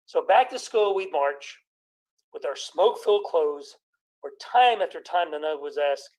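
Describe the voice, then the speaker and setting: A man in his sixties doing a stand-up comedy routine, telling stories about his childhood with quick jokes and impressions of his family. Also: a little high, lively intonation, a little mellow, low-quality recording.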